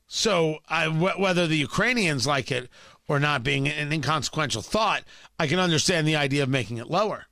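High, bright-voiced sarcastic male talk host. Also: animated, brisk, creaky, no room sound, clean studio sound. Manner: sarcastic, emphatic, incredulous. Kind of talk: opinionated political talk commentary.

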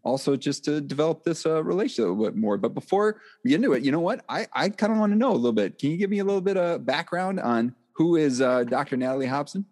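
A man's voice: on the high side, expressive, fast, few pauses, a little mellow, dry recording. Man, podcast host, casual rambling talk, dry close sound. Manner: loose, rambling, with many fillers and restarts.

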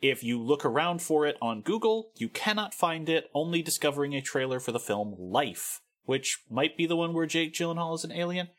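Sarcastic podcaster with a lively voice. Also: mid-range voice, fairly quick, hardly any pauses. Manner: dry sarcastic asides, laughs at own jokes. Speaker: podcast co-host. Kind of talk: casual chat with band history narration.

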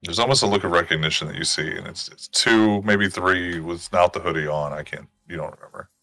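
Low-voiced gm guy, measured scene narration, bright dry sound. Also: dry recording. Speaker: game master. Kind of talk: narrating a tabletop game.

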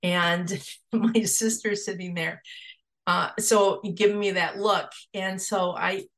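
A woman in her sixties telling a personal story in an interview, lively and animated in how she tells it. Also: medium pitch, slow pace. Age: 60s. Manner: lively, acts out family dialogue.

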